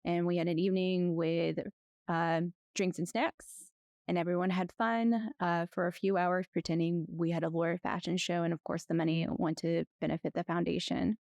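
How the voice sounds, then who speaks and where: A woman lawyer being interviewed, chatting in a rambling, lively way with frequent restarts. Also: lowish voice, normal speed, no room sound. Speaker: guest, lawyer. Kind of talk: conversational interview.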